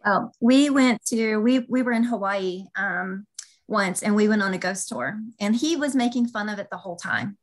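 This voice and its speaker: A woman's voice: medium pitch, normal speed, rough recording. A woman co-hosting a podcast, telling a story in a chatty way with lots of ums and restarts. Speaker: podcast co-host. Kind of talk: casual storytelling.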